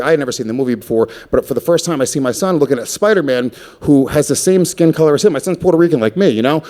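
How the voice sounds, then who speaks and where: A man in his thirties performing a stand-up comedy set on stage, crude and profane, rambling with quick asides. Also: medium pitch, a little mellow.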